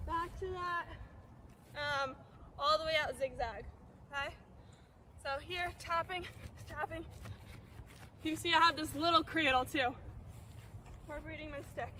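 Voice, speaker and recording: Very high, bright-voiced woman coaching outdoors. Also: a little slow, long pauses, a little hiss or hum. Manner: explains while moving, checks in with "okay?" often. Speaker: lacrosse coach. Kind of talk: instructional drill demonstration. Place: outdoor field with cones.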